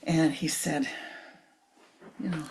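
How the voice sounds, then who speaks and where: A woman spiritual teacher giving a talk, telling a personal story, often dropping into soft whispered asides and acting out what people said. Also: sits low, steady tone, takes it slowly, creaky, slight background noise. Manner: acts out quoted dialogue expressively.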